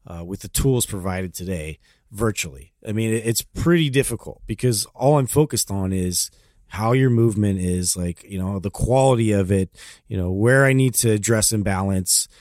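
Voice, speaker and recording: A man's voice: fairly low pitch, normal speed, a little mellow, no room sound, studio quality. A man co-hosting a podcast, talking hesitantly with lots of fillers. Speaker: podcast co-host. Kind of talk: casual podcast chat.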